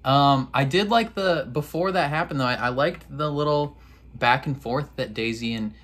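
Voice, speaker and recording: A young man recapping a TV episode in a casual, excitable, slang-filled way, now and then mimicking characters. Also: medium pitch, moderate pace. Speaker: reaction video host.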